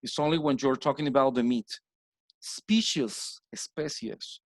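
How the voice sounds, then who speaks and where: Colombian man teaching English slowly. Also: mid-range voice, no echo. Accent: Colombian Spanish. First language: Spanish. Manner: repeats words slowly with stressed drills. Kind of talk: recorded slide lesson.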